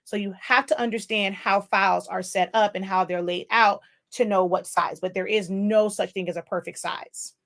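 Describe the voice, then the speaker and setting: A woman's voice: mid-range voice, steady tone, moderate pace, hardly any pauses, a bit bright. Chatty woman hosting a live tutorial. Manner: chatty, loose, many fillers and asides to viewers. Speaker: livestream host teaching crafting software.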